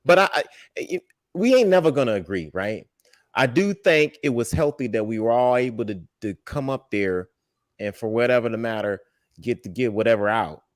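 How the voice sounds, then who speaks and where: A man co-hosting a casual, heated chat, getting animated and breaking into loud outbursts when he quotes others. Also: medium pitch, normal speed, no room sound, studio quality. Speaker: podcast co-host.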